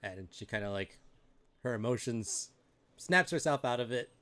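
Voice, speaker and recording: A man's voice: medium pitch, animated, moderate pace, pushed and bright. A man narrating as game master in a casual, laid-back way, with fillers and chuckles. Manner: casual, lots of fillers and laughter. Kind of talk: improvised tabletop game narration.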